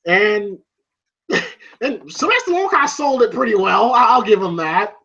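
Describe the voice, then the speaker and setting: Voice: mid-range voice, animated, moderate pace, gravelly, a bit bright, breathy edge, muffled recording. A movie reviewer casually retelling a fight scene, rambling with many fillers and frequent laughs.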